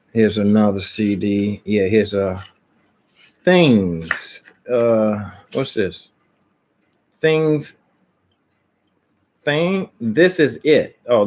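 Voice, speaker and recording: A man's voice: on the low side, a little mellow. A man casually vlogging at home, rambling and jumping between topics with many restarts.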